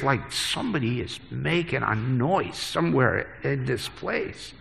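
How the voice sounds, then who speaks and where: Male preacher, gravelly voice, earnest sermon delivery, long church reverb. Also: mid-range voice, expressive, a little slow, few pauses. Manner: earnest, varied dynamics from hushed to emphatic.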